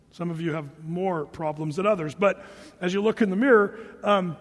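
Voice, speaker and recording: A man preaching a casual, joking sermon, reading scripture slowly between everyday asides. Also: high-pitched, steady tone, big-room sound. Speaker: pastor.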